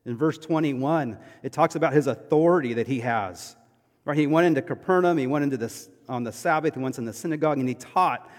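A man preaches a sermon in a church. He moves between loud, emphatic lines and soft, hushed ones, and his voice sits at an average pitch. A long hall reverb trails each phrase. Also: a little fast. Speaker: pastor.

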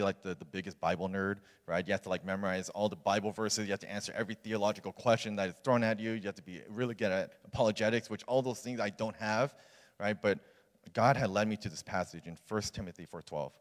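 Young male youth pastor, low-pitched, informal testimony with lots of "like" and "um", long hall reverb. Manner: casual, earnest storytelling with many fillers. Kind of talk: personal testimony in a sermon.

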